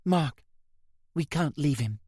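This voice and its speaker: A desperate young woman , as a male narrator puts her on, urgent and pleading. The voice jumps high above the narrator's usual register and stays dry and close to the mic. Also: expressive, slow, darkish tone, breathy edge, no echo, exaggerated voice.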